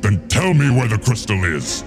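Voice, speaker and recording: A man's voice: fairly low pitch, sing-song, moderate pace, music in the background. A man voicing a huge, menacing dragon made of burning bones, who threatens the heroes in a grand villain's way. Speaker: game master voicing a villain.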